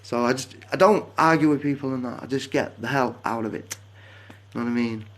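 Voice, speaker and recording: A man's voice: medium pitch, brisk, fairly bright tone. A man chatting casually on a phone live stream, rambling and drifting off onto tangents. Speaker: livestreamer.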